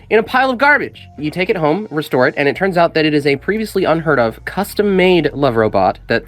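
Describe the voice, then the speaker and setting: A guest on a casual online chat, dry and wordy, posing long rambling questions. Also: mid-range voice.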